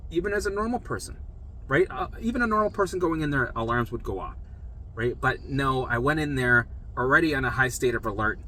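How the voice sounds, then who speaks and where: A man telling his own story in a casual, animated monologue, acting out what others said, swearing freely and often checking in with "right?". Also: mid-range voice, brisk, a little hiss or hum, rough recording. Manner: animated, acts out quoted voices, swears freely; frequent "right?" check-ins to listener. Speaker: vlogger sharing recovery story.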